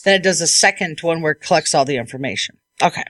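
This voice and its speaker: Animated woman podcast host, dry sound. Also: low voice, fast, no room sound. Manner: animated storytelling, acts out what people said. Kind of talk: casual podcast chat.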